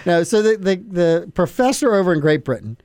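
A man's voice: sits high, expressive, a little fast, darkish tone, dry recording, studio quality. A man hosting a radio talk show, telling a story in casual banter and laughing often. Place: radio studio.

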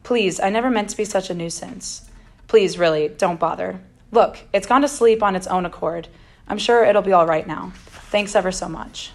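A woman's voice: mid-range voice, normal speed, natural voice. A woman reading as a flustered, pleading male ghost. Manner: flustered, apologetic, defensive. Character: anxious man's ghost, evasive and pleading. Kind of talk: reading a story aloud.

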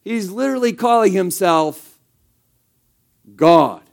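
A man with a high voice preaches to his congregation. He talks casually but with emphasis and keeps asking the room questions. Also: expressive, takes it slowly, gravelly. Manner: conversational and emphatic, rhetorical questions. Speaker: pastor. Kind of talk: sermon.

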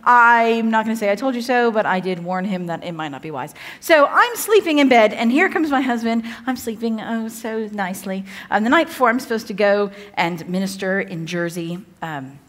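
A woman's voice: medium pitch, lively intonation, moderate pace, hardly any pauses, fairly bright tone. A woman in her forties with a Southern Californian accent, speaking as a guest pastor and telling a chatty, self-deprecating story in a sermon.

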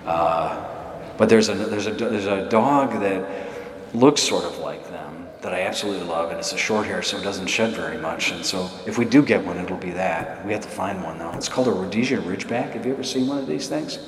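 A man's voice: sits low, a little fast. A middle-aged man, a parish priest, telling a chatty, self-deprecating story in a homily and laughing often. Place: church. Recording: echoey church hall.

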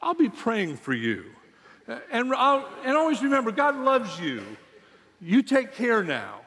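A man's voice: very high-pitched, huge pitch swings, a little slow, fairly bright tone, pitched above the performer's own voice, full character voice. A man voicing a pious male goat who offers prayers instead of help, in a sing-song, churchy way. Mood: pitying. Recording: long hall reverb.

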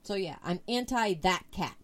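A woman hosting a podcast, telling a story in a casual, profane, animated way. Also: mid-range voice, moderate pace. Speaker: podcast host.

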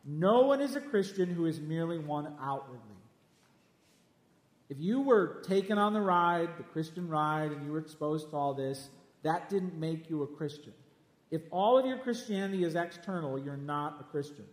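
Emphatic high-voiced preacher in an echoey hall. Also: male voice, expressive, normal speed. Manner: emphatic, repeats lines, speaks straight at listeners. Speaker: pastor. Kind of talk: sermon. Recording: echoey hall with long reverb.

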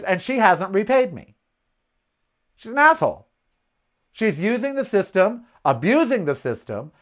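Podcast host ranting casually, blunt, swears a lot, mid-pitched voice. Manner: indignant, blunt and profane; animated retelling, acts out its own shouts. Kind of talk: casual storytelling monologue.

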